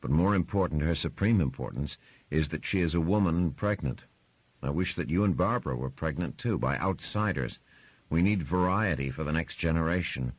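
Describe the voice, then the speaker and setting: A man voicing a stern older patriarch who lays down the law in a firm, measured way, in a dry, slightly muffled recording. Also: very deep voice, lively intonation, breathy edge, no echo, full character voice.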